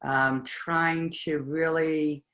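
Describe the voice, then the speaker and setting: Flat, monotone, halting, reflective, spiritual study group sharing. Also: mid-range voice. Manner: reflective and halting, with pauses between words. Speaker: group discussion participant.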